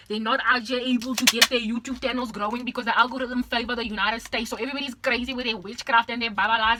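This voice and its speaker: A young woman's slightly high voice, with a South African accent, carries an exaggerated, repetitive vlog rant that slides into Afrikaans. Background noise is present.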